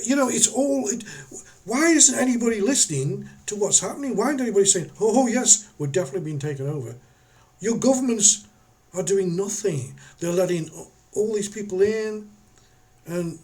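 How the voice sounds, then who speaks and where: Older man, high sarcastic voice. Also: darkish tone. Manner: rambling, sarcastic, restarts often. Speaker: vlogger. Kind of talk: casual commentary vlog.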